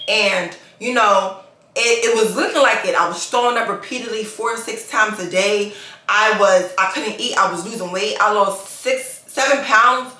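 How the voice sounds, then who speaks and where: A woman vlogger telling her story in a chatty, animated way, with slangy asides. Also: on the high side, moderate pace. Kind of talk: casual storytelling vlog. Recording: echoey room.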